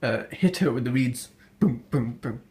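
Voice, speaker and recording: A man's voice: mid-range voice, expressive, normal speed, darkish tone, close to an everyday voice. A man voicing a boastful male rooster who gives bossy instructions in a loosely told folk tale.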